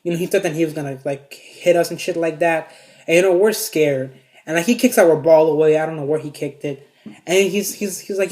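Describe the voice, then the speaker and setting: A man's voice: a little high, a little fast, a little mellow. A young man from Mexico telling a casual storytime tale, rambling with constant fillers and heavy swearing. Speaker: vlogger.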